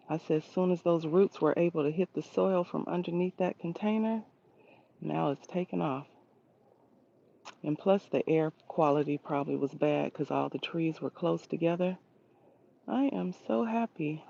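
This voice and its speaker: Chatting casually on a livestream, a woman tours her backyard garden outdoors, holding her phone as she walks and greeting viewers by name. Her voice sits on the low side, creaky and warm, and the phone sound is a bit dull.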